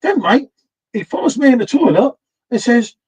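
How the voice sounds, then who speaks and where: A man's voice: very high-pitched, very animated, moderate pace, darkish tone, husky, rough recording. A man hosting a casual pub chat stream, telling blunt, sweary stories and repeating himself when worked up.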